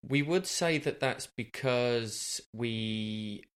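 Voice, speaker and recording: A man's voice: mid-range voice, very slow, clean tone. A man co-hosting a casual podcast chat, teasing and jokey, rambling with plenty of fillers. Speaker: podcast co-host.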